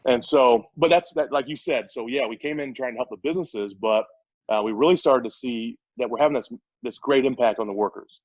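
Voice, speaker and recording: A man's voice: mid-range voice, fairly quick, dry recording. A man speaking as a startup CEO guest in a casual interview, eager and explaining at length with frequent restarts. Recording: dull, dry lo-fi audio.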